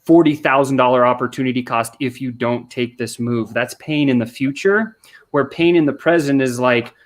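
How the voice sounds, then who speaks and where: A man's voice: mid-range voice, a little fast. A man on a podcast explaining sales questions, talking energetically and acting out customer replies with frequent restarts. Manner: energetic, acts out customer quotes, many restarts. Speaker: sales coach guest. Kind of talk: podcast conversation.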